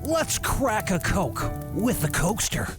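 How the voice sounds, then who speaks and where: A man's voice: sits high, very animated, measured pace, over loud music. A man voicing a polished announcer in a mock commercial. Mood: promotional.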